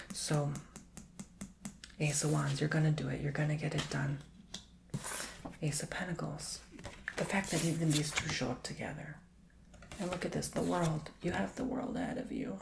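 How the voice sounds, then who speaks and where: Gravelly soft-spoken ASMR man. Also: on the high side, noisy background. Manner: gently encouraging, drifting between soft voice and whisper; affectionate, emotional cheering on the listener. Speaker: tarot reader and ASMR host.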